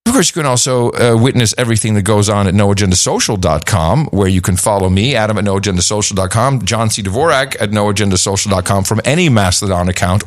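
A man with a mid-range voice co-hosts a podcast in clean studio sound with no room echo. The talk is casual chat, and he rambles a little, using fillers.

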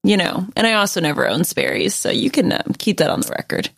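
Young woman joking around on a podcast, lowish voice, dead dry recording. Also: big pitch swings, fast, creaky, fairly bright tone, slightly rough, no room sound. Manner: wry, joking. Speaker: podcast co-host. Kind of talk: casual chat.

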